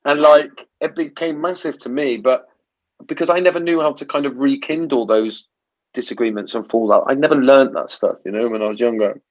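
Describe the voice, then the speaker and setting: A man's voice: medium pitch, fairly quick. Reflective male podcast host, slightly dull audio. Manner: reflective, many restarts and tag questions. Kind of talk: casual interview chat.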